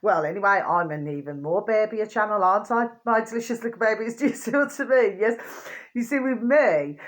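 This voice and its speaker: A woman rambles on in a loose, chatty monologue to her channel's viewers. Her voice sits at an ordinary middle pitch, dipping into quiet murmurs and then springing back up. She keeps checking in with her listeners as she goes. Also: fairly quick. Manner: chatty, repeats pet phrases and asks "do you know what I mean"; often drops to a low murmur, then rises high and laughs. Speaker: channel host.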